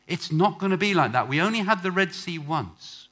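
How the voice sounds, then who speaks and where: A male pastor preaching a sermon, swinging from quiet asides to loud, emphatic lines and calling out questions to the congregation. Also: a little high, very animated, moderate pace. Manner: calls out questions for the congregation to answer.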